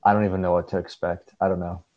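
A man's voice: deep voice, flat delivery, quick pace, a little mellow, muffled recording. A man co-hosting a casual podcast chat, trading dry, sarcastic jokes about ads. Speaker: podcast co-host.

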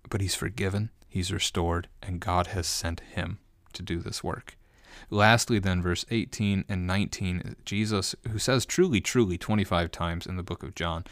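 Man, very low voice, dry close sound, bible study commentary, thinks aloud, restarts phrases. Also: dry recording.

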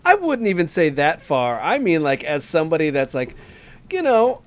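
A man's voice: fairly high pitch, wildly swooping pitch. Rambling man chatting casually on a podcast. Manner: rambling, halting, full of fillers and restarts; acts out game dialogue in quick voices. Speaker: podcast co-host. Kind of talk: casual chat.

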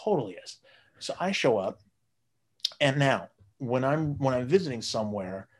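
A man's voice: medium pitch, sing-song, normal speed, breathy edge. A man casually telling a long, profane story, jumping into raised voices when he quotes his friends. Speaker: guest storyteller.

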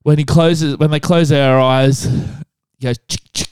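Crude joking man with a smooth voice. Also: on the high side, fairly even intonation, takes it slowly, darkish tone, no echo. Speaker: podcast host. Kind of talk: casual comedic chat.

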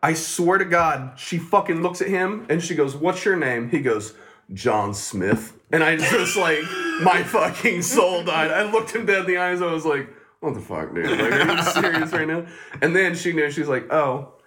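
A man's voice: a little high, lively intonation, normal speed, pushed and bright. A man casually telling a long, profane story on a podcast and laughing often as he talks. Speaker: podcast co-host.

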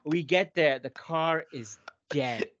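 A man's voice: a little high, slow, a bit bright, no room sound. A man on a podcast, telling a long profane story with lots of acted-out voices. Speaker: podcast co-host. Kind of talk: casual storytelling chat. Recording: dry, dull lo-fi podcast audio.

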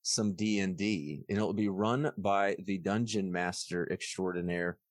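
A man's voice: low voice, no room sound, studio quality. A man with a Texan accent, hosting a podcast and telling stories animatedly in casual chat. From Texas. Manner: animated storytelling with quick put-on voices. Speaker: podcast host.

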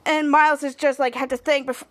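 A woman's voice: high-pitched, flat delivery, brisk, fairly bright tone, no echo. A woman hosting a podcast, casually recapping an episode in a rambling way and acting out the scenes. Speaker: podcast host.

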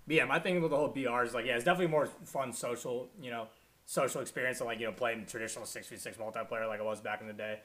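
A man's voice: medium pitch, fairly even intonation, very fast, a bit bright. A man hosting a casual podcast, rambling with lots of fillers and casual swearing. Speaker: podcast host.

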